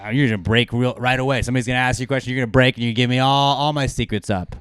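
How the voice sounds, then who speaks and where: Profane, animated podcast host man. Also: medium pitch, rapid-fire, clear, resonant tone, no echo. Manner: profane, animated, swings loud when acting out insults. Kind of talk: casual podcast banter.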